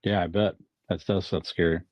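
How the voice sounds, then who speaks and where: A podcast co-host chats casually in a low, soft-spoken voice. His intonation is fairly even, he speaks at normal speed, and the recording has no echo.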